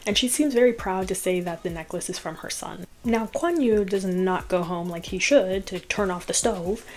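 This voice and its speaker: A woman's voice: mid-range voice, moderate pace, a little mellow. Chatty woman recapping a movie. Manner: chatty, laughs often, filler "like". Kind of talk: casual storytelling recap.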